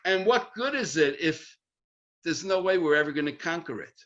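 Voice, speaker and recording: A man's voice: moderate pace, a little hiss or hum. A man, a rabbi, teaching the weekly Torah portion in an online lesson, emphatic and acting out the quotes he reads. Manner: animated, emphatic, acts out quotes with rising pitch. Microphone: video call. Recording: dull lo-fi online audio.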